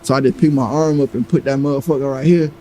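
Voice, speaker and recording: A man casually telling a tense personal story, animated and profane, acting out what others said. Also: medium pitch, quick pace, a little hiss or hum, poor audio. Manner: animated, acts out quoted lines, heavy profanity.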